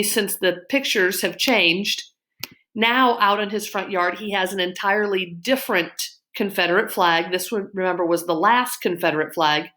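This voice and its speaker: A woman's voice: mid-range voice, fairly bright tone. Opinionated woman history teacher lecturing. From Illinois, USA. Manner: opinionated, frequent ums and you-knows. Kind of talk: casual lecture-style commentary.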